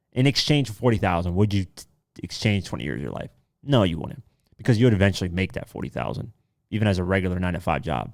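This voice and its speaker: A low-pitched man talks through the day's news on his podcast. He reads the headlines, then slips into loose, casual commentary with offhand asides and the odd curse. The sound is dry and close, with no room around it. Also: animated, fast talker, creaky, no echo. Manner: swears casually. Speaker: podcast host.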